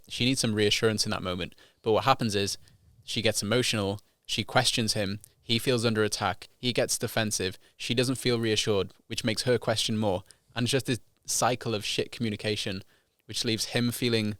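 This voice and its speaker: A man's voice: on the low side, fairly bright tone, dry recording, studio quality. A British man who is a guest on a podcast, talking frankly and animatedly, acting out other people's lines. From Britain. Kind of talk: casual podcast chat.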